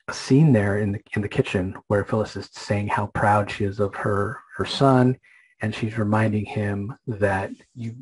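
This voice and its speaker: A man's voice: fairly low pitch, breathy edge, poor audio. A man hosting a comic book podcast, casually retelling a story with many fillers and restarts.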